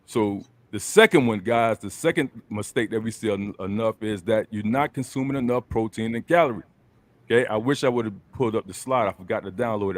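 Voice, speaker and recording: A man hosting a casual group chat over a video call, talking in a loose, colloquial coaching way. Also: lowish voice. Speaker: host.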